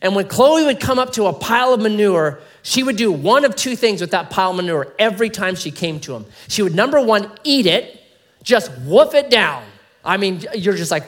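A male pastor delivering a sermon with a high, lively voice that swoops up and down. He talks to his listeners casually and keeps asking them rhetorical questions. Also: moderate pace. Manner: animated, conversational preaching with rhetorical questions.

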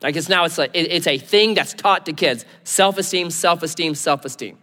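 A man preaching a sermon, acting out biblical figures in quick, lively asides. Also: a little high, long reverb tail. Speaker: pastor.

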